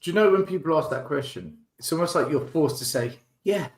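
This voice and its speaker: A man's voice: fairly high pitch, expressive, quick pace. A man on a podcast, blunt and frustrated, repeating himself as he vents. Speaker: podcast co-host. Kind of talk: casual podcast chat. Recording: roomy echoey recording.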